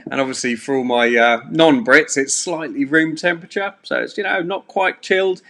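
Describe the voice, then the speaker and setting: A man's voice: fairly high pitch, normal speed, a bit bright. A man, hosting a live-streamed pub quiz from a bedroom at home in a chatty, rambling way full of fillers. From England. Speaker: quiz host.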